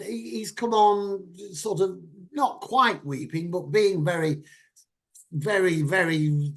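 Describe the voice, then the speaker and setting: A middle-aged man ranting about politics in casual chat, animated and at times shouting. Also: sits high.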